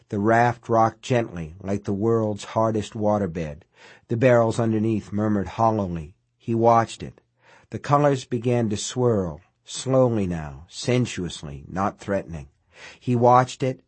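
A man narrates a horror story in a low, husky voice. His reading is dramatic, and in the uncanny moments it sinks to a hushed murmur. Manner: dramatic, drops to a hushed murmur in eerie passages. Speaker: audiobook narrator. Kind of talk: scripted horror fiction reading.

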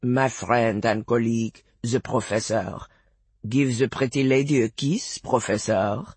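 Reader doing a low French-accented man, smooth and charming, husky, storybook voice. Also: fairly even intonation, measured pace, darkish tone, no echo. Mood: coaxing. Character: brutish man with apes, charming surface.

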